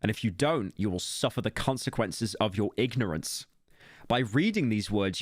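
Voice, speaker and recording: A man's voice: fairly low pitch, animated, moderate pace, no echo, studio quality. A young British man streaming, reading posts aloud and reacting with wry, mocking commentary and laughs.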